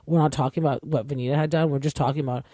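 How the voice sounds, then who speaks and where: A man's voice: a little high, steady tone, racing, warm tone, dry recording, clean studio sound. A young man from Canada, an opinionated podcast host chatting casually through a reality TV recap with lots of fillers.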